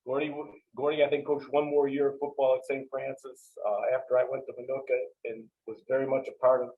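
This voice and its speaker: The speaker is a longtime football coach with a mid-range voice, telling stories in an interview a little fast. He's animated, acting out the dialogue he quotes. The audio sounds like it came over a phone.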